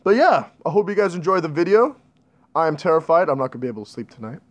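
A young gaming channel host with a slightly high voice talks fast, his pitch swinging widely, while playing a horror game. He's jittery and panicky as he addresses his viewers, and the sound is lo-fi.

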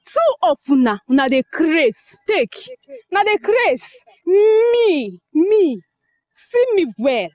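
A feisty young village girl with a Nigerian Pidgin accent. She mocks and stands her ground. Her voice is high and lively, recorded dry and close. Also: slow, dry recording, full character voice. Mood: defiant. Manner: mocking, defiant.

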